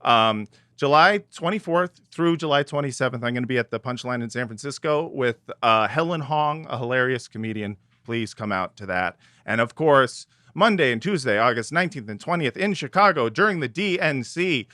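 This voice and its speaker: Male comedian co-host, animated pitch, dry close sound, sarcastic banter. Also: moderate pace, few pauses, dry recording. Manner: jokey, sarcastic, lively delivery.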